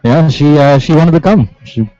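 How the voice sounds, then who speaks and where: A man's voice: on the high side, normal speed, warm tone, no room sound, lo-fi sound. A man with a Western New York accent on a casual talk show, telling a rambling, swear-filled anecdote with laughs. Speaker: show regular. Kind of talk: casual banter.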